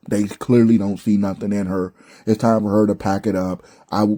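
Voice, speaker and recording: A man's voice: low voice, mellow. A young man ranting bluntly about a wrestling show, exasperated and profane, with slangy asides. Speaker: wrestling commentary vlogger.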